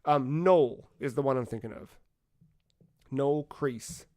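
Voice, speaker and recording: A man co-hosting a casual gaming podcast retells game scenes, acting out the dialogue with energy and swearing casually. He speaks slowly in a mid-range voice.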